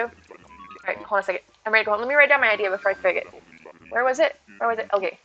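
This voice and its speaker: A woman's voice: fairly high pitch, lively intonation, very fast, vocal fry, pushed and bright, soft background music. A woman live-streaming from home, chatting casually and upbeat with her viewers and thanking them as she plays. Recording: dull lo-fi stream audio.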